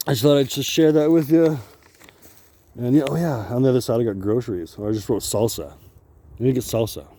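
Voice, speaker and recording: A man's voice: mid-range voice, fairly quick, mellow. A man talking in a rambling, profane monologue while walking outdoors on a wooded path, filming himself with a handheld camera. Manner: rambling, profane, laughs often. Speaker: vlogger.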